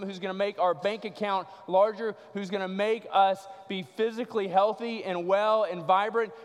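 A male pastor preaching with dramatic swings between loud climaxes and hushed lines. His voice sits somewhat high for a man. A long reverb hangs in the church hall. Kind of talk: sermon.

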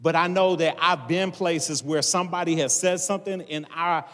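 A man's voice: fairly high pitch, moderate pace, a bit bright. A man, a pastor preaching a casual sermon to his congregation and filling it with "man" and "all right". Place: large church hall. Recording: long hall reverb.

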